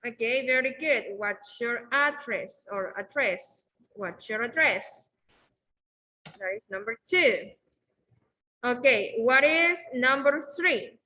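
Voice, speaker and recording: A woman teaching an English class who explains slowly and keeps repeating okay and very good. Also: on the high side, animated, pushed and bright, rough recording.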